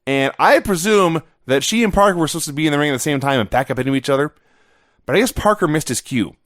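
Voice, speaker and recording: A podcast co-host recaps old wrestling matches play by play in casual chat, delivering them in a dry, matter-of-fact way. His voice is on the high side, expressive and a bit bright, and he talks fast, with no room sound.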